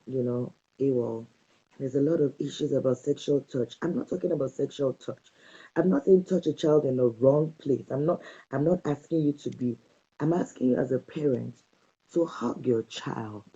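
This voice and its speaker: Woman doing a parenting talk, warm husky voice, punchy repeated tips, kinda dull lo-fi sound. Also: rumbling low. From Nigeria. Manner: emphatic, repeats advice as short commands. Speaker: parenting speaker. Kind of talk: direct-to-camera parenting talk.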